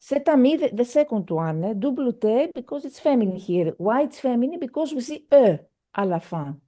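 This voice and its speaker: Over a video call, a woman teaches a French lesson, patient and repetitive with many fillers. She speaks briskly in a fairly high, very animated voice with a dark tone.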